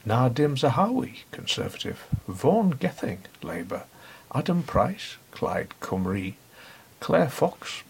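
A man's voice: mid-range voice, creaky, slight background noise. A middle-aged man hosting a podcast, reading a scripted satirical review in a dry, sardonic, mock-pompous manner. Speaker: podcast host.

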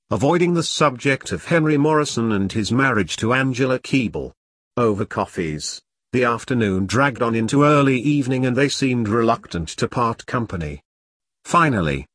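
A man narrating a novel as an audiobook reader, in a measured storytelling way. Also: mid-range voice, a bit bright, no room sound, studio quality. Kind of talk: scripted narration.

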